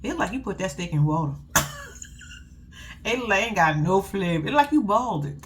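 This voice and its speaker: Sassy, lively woman recapping reality TV. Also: medium pitch, normal speed, slight background noise. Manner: sassy, blunt, laughing asides, profane. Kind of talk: casual recap commentary.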